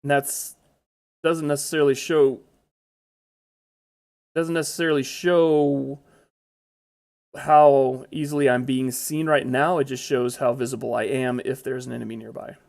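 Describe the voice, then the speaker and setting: Gravelly man narrating his gameplay. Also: mid-range voice, flat delivery, a little slow, long pauses, a little mellow. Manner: chatty, exclaims when startled. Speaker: gameplay commentator. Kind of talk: casual gameplay commentary.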